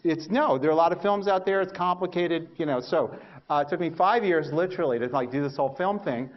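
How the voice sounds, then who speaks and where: A man giving a university lecture, telling stories about his early research with lively, self-mocking humor and acting out his own past reactions. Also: a little high, a little fast, dull audio. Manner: animated storytelling, acts out his past thoughts. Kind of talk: lecture with personal anecdotes.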